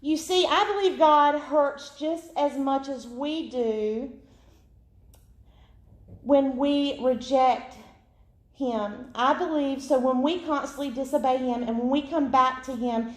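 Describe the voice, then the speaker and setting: Earnest high-voiced woman preaching. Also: takes it slowly. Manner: emotional, earnest testimony. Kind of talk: sermon. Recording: echoey room.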